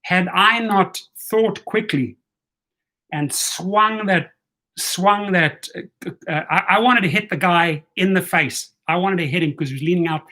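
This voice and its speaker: A man's voice: sits high, measured pace. A man in his fifties, a channel host, telling a story in a casual vlog. He talks bluntly and animatedly and swears freely. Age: 50s. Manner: animated, profane, blunt retelling of a confrontation.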